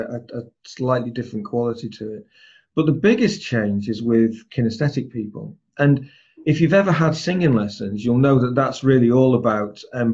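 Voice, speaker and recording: A man teaching a group, explaining ideas and sometimes speeding up or slowing down to show a point. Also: mid-range voice, a little mellow, slightly rough. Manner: explanatory, varies pace to demonstrate points. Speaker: trainer. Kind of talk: lecture to a group. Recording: slightly dull, lo-fi.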